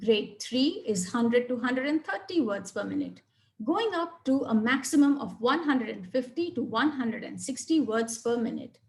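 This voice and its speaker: A woman with a fairly high voice leads a webinar lesson. She explains step by step in a clear, measured manner and leans on single words to show how stress changes meaning. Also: lively intonation. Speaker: teacher presenting a webinar. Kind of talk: webinar lecture.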